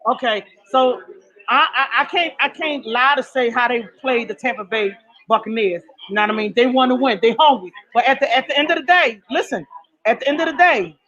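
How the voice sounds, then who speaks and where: A woman's voice: on the high side, brisk, a bit bright, highs cut off. A woman who is a football fan guest, chatting in an exuberant, passionate, emphatic way. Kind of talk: casual chat.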